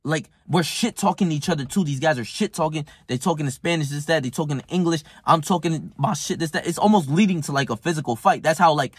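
A man's voice: a little high, fast talker, hardly any pauses, slightly rough, no room sound. A man telling a rambling, profane story in casual chat, heated and full of fillers. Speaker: self-improvement vlogger.

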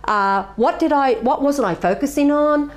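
A woman's voice: high voice, normal speed. A middle-aged woman, a martial arts master giving earnest, reflective interview answers and telling stories with animation.

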